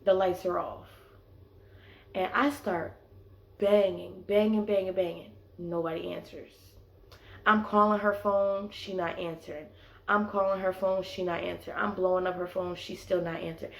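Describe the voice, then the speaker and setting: A gravelly, lowish female voice at normal speed belongs to a young vlogger. She's telling a story in an animated, slangy way, leaning heavily on "like" and other fillers. Her room echoes.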